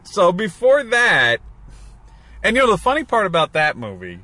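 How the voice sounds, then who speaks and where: A man's voice: high-pitched, wildly swooping pitch, moderate pace, pushed and bright. A man in casual chat, rambling about old movies and acting out lines.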